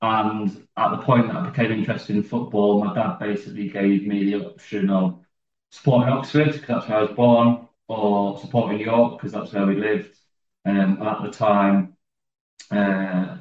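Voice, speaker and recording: A man's voice: fairly low pitch, flat delivery, normal speed. A man, a football fan guest, talking hesitantly with many ums. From England. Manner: hesitant, lots of ums, self-deprecating. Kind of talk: remote podcast interview. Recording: roomy distant dull call audio.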